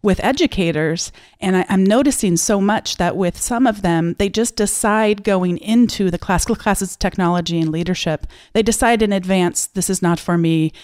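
A woman's voice: mid-range voice, normal speed, hardly any pauses, darkish tone, dry recording, clean studio sound. A woman hosting a podcast, talking thoughtfully and often correcting herself mid-sentence. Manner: thoughtful, with frequent self-corrections. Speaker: podcast host. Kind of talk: casual conversational interview.

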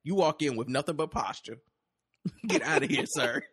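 A man's voice: on the high side, moderate pace, breathy edge, no echo, studio quality. A man co-hosting a podcast in casual comedic chat, riffing and laughing often. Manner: animated, laughs often, riffs on bits. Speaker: podcast co-host.

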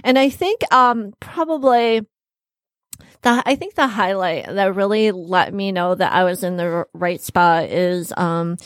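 A woman's voice: on the low side, unhurried, no echo, studio quality. A woman fashion designer, a guest on a casual podcast interview, telling stories in a chatty way. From Michigan. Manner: chatty storytelling, animated when quoting people.

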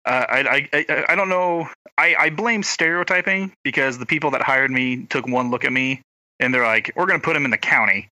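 Man, rural Oklahoma accent, very bright dry voice, rambling chat storyteller. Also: medium pitch, brisk, no echo, low-quality recording. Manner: rambling storyteller, stumbles and restarts. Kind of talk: casual chat.

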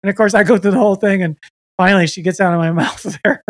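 A man's voice: high-pitched, fast talker, dry recording, studio quality. A man co-hosting a podcast, chatting casually in a rambling, profane way. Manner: profane, rambling storyteller who acts out quoted people. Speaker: podcast co-host. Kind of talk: casual chat.

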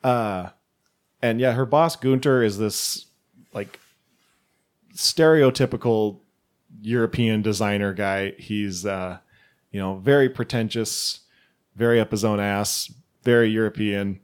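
A man's voice: lowish voice, steady tone, unhurried, long pauses, clean tone. A man on a casual podcast recapping a film plot, rambling with lots of fillers. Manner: rambling, filler-heavy, laughs often.

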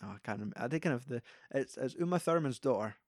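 A Scottish man in casual conversation, recapping a film scene by scene with plenty of swearing. His voice sits at a middling pitch and sounds close and dry, with hardly any room around it. He slips into quick impressions of the characters as he goes. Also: lively intonation, no echo.

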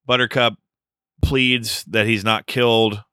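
A man's voice: on the low side, little pitch movement, takes it slowly, sharp tone, clear, resonant tone, no room sound, clean studio sound. A man co-hosting a podcast, casually recapping a film's plot with joking asides. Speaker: podcast co-host. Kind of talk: casual movie review chat.

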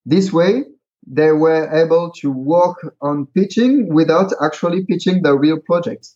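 A man with a somewhat high, dark-toned voice speaks a little slowly and hesitantly, full of fillers and restarts, using examples to explain. He's the creator of a pitching card game, talking casually as an interview guest, and the sound is dull and lo-fi.

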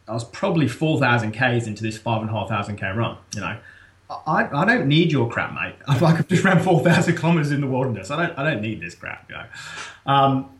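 A British man tells a story as an interview guest, animated and quick to laugh. His voice sits at a middle pitch. The sound carries a roomy echo. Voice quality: animated, laughing often, restarts. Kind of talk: casual storytelling.

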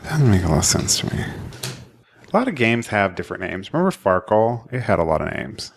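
A man's voice: fairly low pitch, big pitch swings, brisk, creaky. A man co-hosting a casual podcast, bantering and teasing his partner while they play cards. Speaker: podcast co-host.

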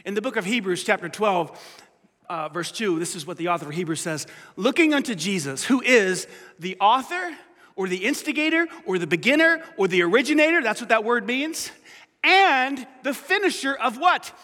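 A man delivers a sermon in a strikingly high, bright, forceful voice. He moves from hushed, slowed-down lines to loud, pleading bursts. The sound carries a long hall reverb. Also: lively intonation. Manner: dynamic preaching, dropping to hushed lines and rising to loud pleas. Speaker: pastor.

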